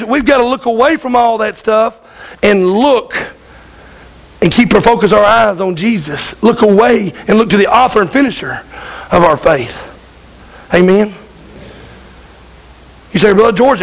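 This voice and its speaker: High-voiced emphatic preacher man. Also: gravelly, fairly bright tone, low-quality recording. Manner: emphatic, repetitive, keeps asking "Amen?". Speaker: pastor. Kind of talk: sermon.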